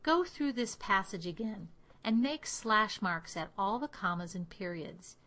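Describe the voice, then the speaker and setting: A woman accent coach giving a clear, measured speech lesson. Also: mid-range voice, animated, fairly bright tone. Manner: clear, measured teaching delivery. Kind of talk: instructional lesson.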